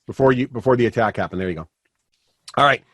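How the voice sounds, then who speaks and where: A man's voice: mid-range voice, fast talker, a bit bright, no room sound. A man running a tabletop game as game master, rambling with many fillers and restarts.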